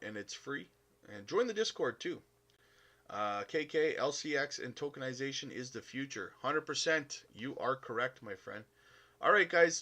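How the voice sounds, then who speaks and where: Bright-voiced Canadian man streaming. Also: mid-range voice. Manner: upbeat, chummy, calls viewers buddy, many uh fillers. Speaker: crypto live stream host. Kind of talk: casual live stream chat reading comments.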